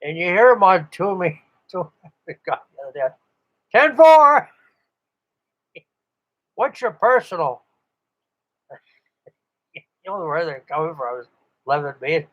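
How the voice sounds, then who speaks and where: A man's voice: a little high, normal speed, long pauses. An older man, a ham radio operator, telling rambling stories in a casual chat with frequent chuckles. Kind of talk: casual monologue.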